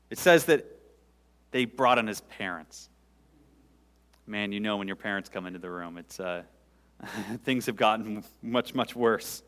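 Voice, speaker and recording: A male pastor preaching a sermon, swelling loud and high for emphasis, then dropping to quiet, intimate asides. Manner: dynamic preaching, sudden rises in pitch and volume, dropping to quiet asides. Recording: long hall reverb.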